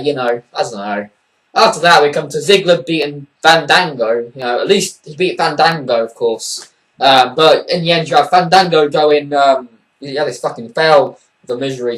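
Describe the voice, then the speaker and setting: A man's voice: mid-range voice, a bit bright, distant mic, poor audio. A man giving a casual spoken review of a wrestling show, blunt and dismissive, swearing freely and rambling with fillers.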